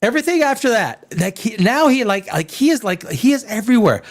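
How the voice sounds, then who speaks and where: Animated, swearing male stream host. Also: fairly quick. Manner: animated, profane, swings between loud peaks and low mutters. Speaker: live show host. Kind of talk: casual ranting commentary.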